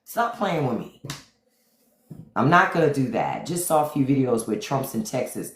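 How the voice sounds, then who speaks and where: A man's voice: medium pitch, sing-song, moderate pace, fairly bright tone, slight background noise. A middle-aged man hosting a casual livestream, blunt and profane, greeting his chat by name as he comments. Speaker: livestream host. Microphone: phone. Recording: echoey room.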